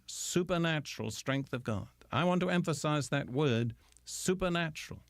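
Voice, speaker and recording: An older man giving a radio Bible teaching, slow and deliberate, with emphatic pauses. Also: medium pitch, dry recording, studio quality.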